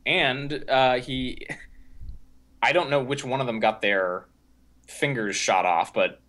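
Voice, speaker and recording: Bright-voiced young man recapping a movie. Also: medium pitch, takes it slowly. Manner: rambling, filler-heavy recap with many restarts. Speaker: podcast co-host. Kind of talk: casual movie discussion.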